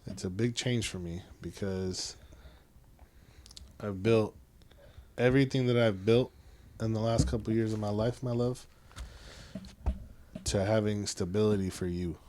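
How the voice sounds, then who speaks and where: A man's voice: lowish voice, measured pace, pauses often, a little mellow, slight background noise. A man in his thirties, a father hosting a podcast, chatting casually with his son, swearing freely and calling him "bro". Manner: laid-back, swears freely, says "bro".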